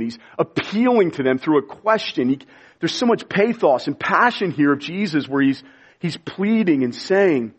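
Man preaching to a congregation, fervent and pleading, recorded on muffled low-fidelity audio. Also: slightly rough. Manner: impassioned, pleading preaching with sudden quiet drops. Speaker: pastor. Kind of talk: sermon.

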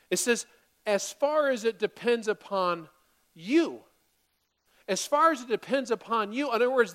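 A woman in her forties, a pastor preaching a sermon to a congregation in a church, animated and dramatic, dropping to quiet asides and rising to loud bursts. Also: mid-range voice. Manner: animated, acts out quoted voices, swings from quiet to loud.

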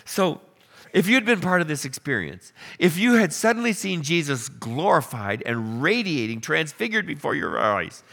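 A man preaching a sermon, telling the story with animated questions and acted-out lines. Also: fairly high pitch, normal speed, creaky. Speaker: pastor.

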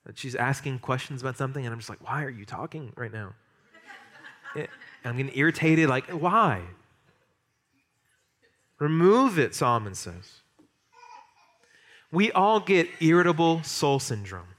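A man preaching a sermon as pastor, lively, emphatic and humorous. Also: on the high side, moderate pace, pauses often.

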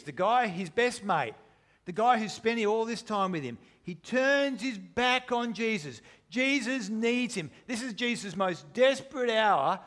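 A man's voice: high-pitched, animated, unhurried. A man preaching a sermon, retelling a story with dramatic, shifting intensity. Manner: dramatic, shifting between loud and hushed.

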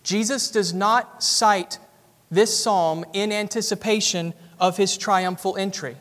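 A man's voice: high-pitched, fairly even intonation, slow pace, fairly bright tone. A man with a Southern US accent, a pastor preaching an earnest expository sermon in a church sanctuary. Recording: reverberant church hall.

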